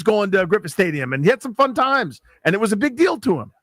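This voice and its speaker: A sports talk radio co-host, a man whose voice sits a little high and swings widely up and down. He argues his points casually and often stumbles over repeated words. His voice sounds dry and close, with no room sound. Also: quick pace, dry recording. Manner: animated, argumentative, repeats words when thinking. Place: live remote broadcast booth.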